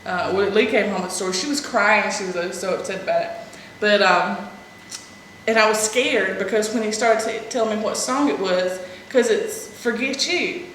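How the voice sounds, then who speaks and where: A woman's voice: mid-range voice, moderate pace, fairly bright tone. A woman in her thirties co-hosting an advice chat, talking casually and self-deprecatingly and laughing often. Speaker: co-host answering viewer questions. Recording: echoey room with faint hiss.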